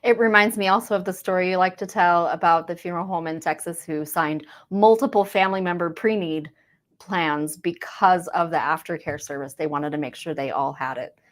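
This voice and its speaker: A woman's voice: fairly low pitch, fairly quick. A woman co-presenting a discussion, speaking in an affirming and reflective way. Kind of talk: conversational discussion.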